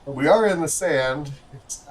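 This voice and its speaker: A livestream host chats loosely to viewers as he plays golf in-game, his commentary wandering casually. He speaks at a measured pace in a fairly high voice over poor-quality audio.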